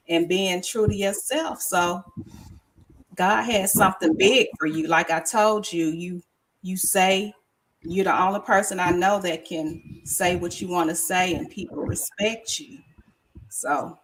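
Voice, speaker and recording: A woman's voice: medium pitch, rough recording. Encouraging woman with faint background noise. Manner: encouraging, faith-filled. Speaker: co-host. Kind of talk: casual chat.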